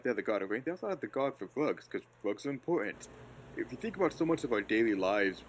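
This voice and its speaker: A man talking casually about a novel in a rambling, animated way. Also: fairly low pitch, slight background noise. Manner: rambling, animated, quick to laugh. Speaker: podcast co-host or guest. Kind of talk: casual book discussion.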